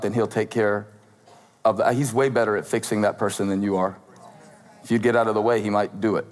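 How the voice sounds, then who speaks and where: A man's voice: lowish voice, steady tone, fairly quick, long reverb tail, poor audio. A man preaching conversationally, playful and eager, prompting his co-speaker. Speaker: pastor. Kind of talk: conversational sermon.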